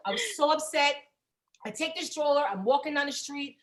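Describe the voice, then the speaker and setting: Brash, profane high-voiced woman comic. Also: a little fast, fairly bright tone. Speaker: stand-up comedian. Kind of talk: stand-up storytelling set on a video call. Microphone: video call.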